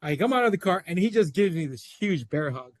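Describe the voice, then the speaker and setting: A man telling stories as a guest in a casual interview, animated and emphatic. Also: high-pitched, a little fast, no echo. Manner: animated, acts out dialogue, emphatic. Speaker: guest, founder of a learning center.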